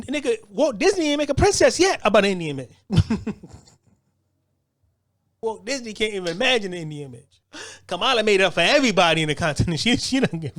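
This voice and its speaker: A man's voice: high voice, fairly bright tone, no echo, studio quality. A man hosting an online show, ranting in a loose, rambling monologue with many stumbling restarts and frequent laughter. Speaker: show host.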